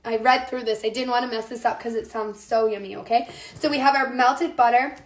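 A woman's voice: fairly high pitch, steady tone, fairly quick. A young woman hosting a casual cooking demonstration from her home kitchen. She chats with viewers and answers their comments while she gets over a lost voice. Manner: chatty, talks to viewers as "you guys" and answers comments. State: recovering from a lost voice. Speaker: cooking show host. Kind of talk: chatty live cooking demonstration. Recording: echoey room with faint noise.

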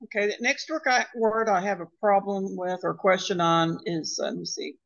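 A woman's voice: medium pitch, moderate pace, creaky, a bit bright, no echo, lo-fi sound. A woman taking part in a Latin class, asking questions about the words in a casual way. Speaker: student.

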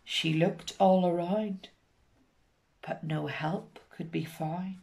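A woman with a Northern Irish accent reads a rhyming children's story aloud. She takes it slowly and gently, leaning into the rhythm of each verse. Her voice carries a gravelly, creaky texture. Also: fairly low pitch, steady tone. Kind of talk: reading a rhyming picture book aloud.

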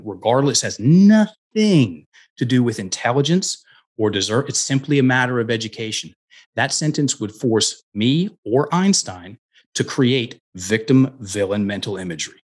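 A man's voice: medium pitch, breathy edge. A middle-aged man, a guest coach, telling personal stories in an interview, earnest and full of restarts. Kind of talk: conversational storytelling interview.

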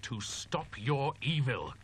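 A grim, resolute young student , voiced by a man, in a horror audiobook drama. He speaks firmly and deliberately at a middle pitch, with faint noise behind him. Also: very animated, a bit bright. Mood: threatening.

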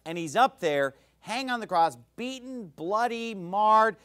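Animated high-voiced male preacher. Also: a little slow, few pauses. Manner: animated, shouts out acted quotes, emphatic. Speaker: Baptist preacher. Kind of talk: sermon.

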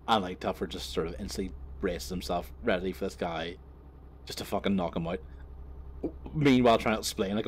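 A man's voice: sits low, a little fast. A young man telling a crude, rambling anecdote while he drives, swearing freely and breaking off to laugh, recorded in his car. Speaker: vlogger.

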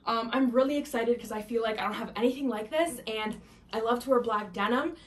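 A woman's voice: fairly high pitch, brisk. A young adult woman chatting enthusiastically in a try-on haul vlog, recorded indoors at home. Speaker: fashion vlogger.

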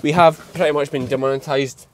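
A Scottish sheep farmer works his flock with his dog on a hillside outdoors on a farm, chatting casually to the camera in vlog style. His voice is fairly high, brisk and steady, with a noisy background.

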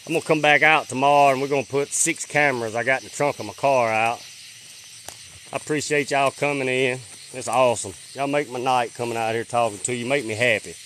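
A man hosting a late-night livestream from a rural farm on his phone. He rattles off viewers' names in a drawl and drops to a hush when he listens for sounds. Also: medium pitch, steady tone, brisk, a little hiss or hum. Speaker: livestream host.

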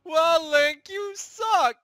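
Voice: mid-range voice, very animated, measured pace, bright, forceful tone, faint music behind. A performer voicing a cocky male plush plumber who taunts his friend in a comedic puppet gaming skit, with mocking, gloating delivery. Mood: teasing.

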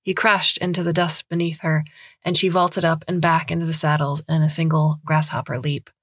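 Low, husky woman narrating a story. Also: flat delivery, moderate pace, a bit bright, no echo, clean studio sound. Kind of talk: scripted audiobook narration.

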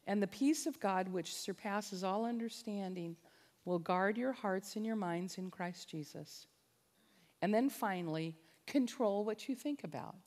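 A woman's voice: mid-range voice, unhurried, darkish tone. A woman preaching a sermon-style talk as a conference speaker, impassioned and emphatic, leaning on repetition. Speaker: conference speaker and biblical counselor. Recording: long reverb of a large hall.

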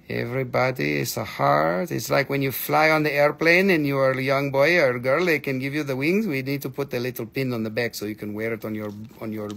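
A man's voice: medium pitch, fairly even intonation, fairly quick, vocal fry, few pauses, a bit bright. A man chatting through a live sales stream of crystals, playful and joking, slipping into put-on broken-English voices.

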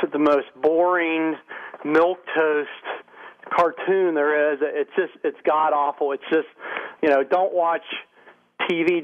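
Dismissive male caller, tinny phone line. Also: on the high side. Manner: dismissive, rapid. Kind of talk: call-in radio.

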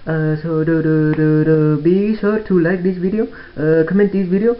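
A comic, sing-song mock foreign accent put on by a young man to sign off a video, pitched well above his usual voice. The broken English lilts up and down. The home recording sounds dull and lo-fi. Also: flat delivery, normal speed, lightly acted. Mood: pleading.

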